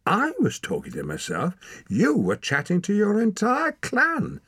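A man reading an audiobook voices a determined, worn-out young boy who shouts urgently and growls threats. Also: high-pitched, huge pitch swings, moderate pace, slightly rough, no echo, voice pushed up, full character voice. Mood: teasing.

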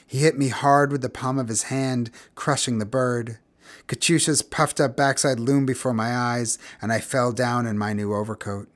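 A man narrating literary fiction as an audiobook, in a measured, expressive reading voice. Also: medium pitch. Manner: measured, expressive, grows quiet and somber.

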